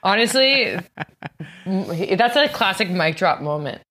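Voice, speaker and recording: A woman's voice: medium pitch, expressive, unhurried, a bit bright. A woman comedian, a guest on a podcast, chatting and laughing easily while she trades jokes. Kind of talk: casual comedy podcast chat.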